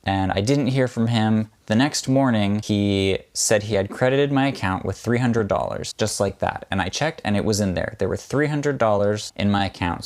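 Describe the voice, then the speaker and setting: A young man talks straight to his camera, recounting a frustrating run-in with growing exasperation. His voice sits on the low side, and he slips into quick, acted-out quotes of what each person said. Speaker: vlogger. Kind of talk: storytime vlog.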